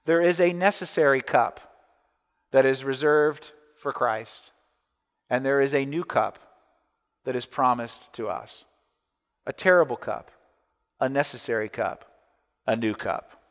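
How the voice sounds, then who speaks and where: A man's voice: medium pitch, a little slow, pauses often. A man preaching a sermon as pastor, first reading scripture, then talking casually with restarts and asides. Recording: echoey church hall.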